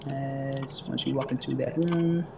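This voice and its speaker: A man running a tabletop game as game master, narrating haltingly with many fillers and frequent laughs. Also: medium pitch, fairly even intonation, gravelly, roomy sound, recorded from a distance, noisy background.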